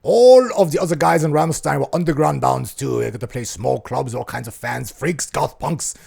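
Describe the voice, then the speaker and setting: A man putting on a deep mock German accent as a gloomy East German punk rocker. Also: moderate pace, vocal fry, darkish tone, slightly rough. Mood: mock serious. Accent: German, put on.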